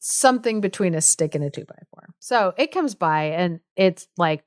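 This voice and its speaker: Woman co-host, casual storyteller, chatty and amused; smooth, clear voice, dry sound. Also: fairly low pitch, expressive, moderate pace, no echo. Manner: chatty, amused, lots of fillers.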